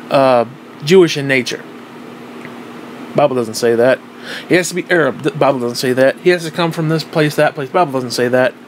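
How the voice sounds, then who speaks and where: A man's voice: a little high, slight background noise. A man giving a blunt, profane monologue, repeating himself insistently and recording himself on a tablet. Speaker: vlogger. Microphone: tablet microphone.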